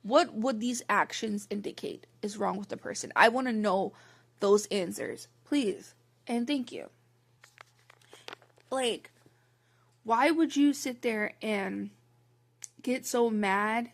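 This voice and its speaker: A young adult woman vlogger tells a personal story to camera in a slow, medium-pitched voice broken by long pauses. Her candid storytime monologue rambles, sounds frank and exasperated, and is packed with "like."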